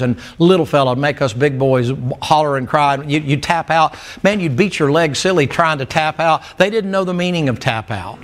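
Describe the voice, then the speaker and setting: A middle-aged man preaching a sermon in church, blunt and folksy, telling stories. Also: medium pitch. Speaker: pastor.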